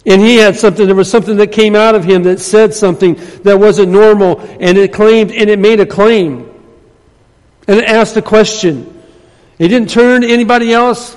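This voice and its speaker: A male pastor giving a conversational sermon in a church that builds to emphatic points. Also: high-pitched. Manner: conversational preaching, rising to emphatic. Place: church sanctuary. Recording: long reverb of a church hall.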